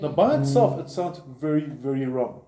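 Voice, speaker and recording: A man's voice: fairly high pitch, very animated, moderate pace. A man teaching a guitar lesson step by step, patiently explaining while he plays and counting in. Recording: roomy echo, guitar playing behind.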